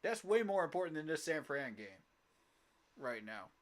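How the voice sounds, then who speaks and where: On a sports reaction livestream, a young fan rants about his football team, exasperated, emphatic, and circling back to the same complaints. His voice runs on the high side with big pitch swings, at a moderate pace.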